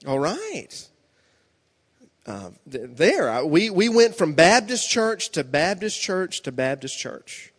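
Animated preacher man in a reverberant hall. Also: slow. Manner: animated storytelling, acting out voices with big pitch jumps. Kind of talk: sermon with jokes. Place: large hall before a congregation.

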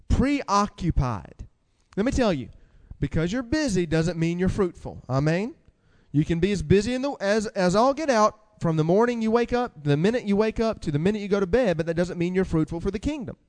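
High-voiced preacher in a reverberant hall. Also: male voice. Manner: animated preaching with rhetorical questions and scripture reading. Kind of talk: sermon.

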